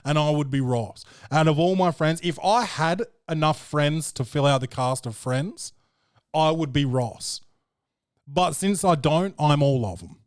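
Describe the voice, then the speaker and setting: A man's voice: on the high side, a little slow, no echo. A podcast host with a slightly raised voice, spinning loose, profane anecdotes. He tells them off the cuff and keeps tossing in "bro". The sound is dry and close. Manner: rambling, profane storytelling, peppered with "bro". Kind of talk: casual chat.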